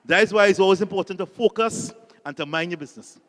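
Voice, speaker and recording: A Trinidadian man, a Catholic priest, gives a light-hearted talk that is built on anecdotes and drawn-out punchlines. His voice sits high, and he keeps asking the crowd to repeat lines back to him. The sound carries a long reverb from a large hall. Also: fairly bright tone. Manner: jokey storyteller, calls on the audience to repeat lines. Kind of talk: humorous motivational talk.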